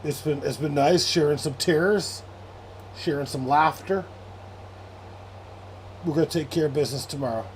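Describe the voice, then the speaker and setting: A man's voice: on the high side, normal speed, pauses often, slight background noise. A young man hosting a late-night sports livestream, rambling and sarcastic, with frequent swearing as he reads chat aloud. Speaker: livestream host.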